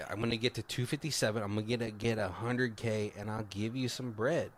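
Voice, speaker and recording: A man's voice: fairly low pitch, fairly even intonation, brisk, slight background noise. A man co-hosting a casual movie review podcast, swearing freely and laughing as he retells scenes. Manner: profane, laughing, retells scenes doing quoted lines. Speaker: podcast co-host.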